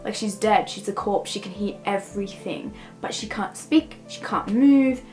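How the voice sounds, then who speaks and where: A woman's voice: medium pitch, normal speed, a little mellow, faint music behind, low-quality recording. A young woman in a casual book review rant, rambling and peppered with "like" as she talks things through. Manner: rambling, heavy use of "like".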